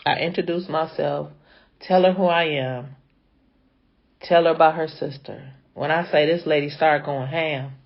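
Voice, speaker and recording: A woman's voice: deep voice, fairly even intonation, measured pace, gravelly. Woman braider spilling a wild story, chatty and dramatic, talks right to viewers, dull lo-fi sound. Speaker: hair braider. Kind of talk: casual storytime vlog.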